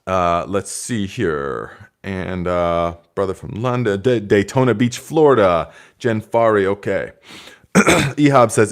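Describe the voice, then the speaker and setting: A man hosting a live gardening stream, reading out viewer comments in a relaxed, chatty way with many fillers and restarts. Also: on the low side. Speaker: gardening channel host.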